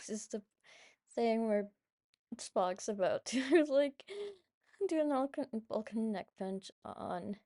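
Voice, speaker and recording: Gravelly-voiced woman rambling about a film. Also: on the high side, dark tone. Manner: swears freely, gets emotional, many fillers. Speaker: podcast host. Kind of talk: casual rambling movie chat.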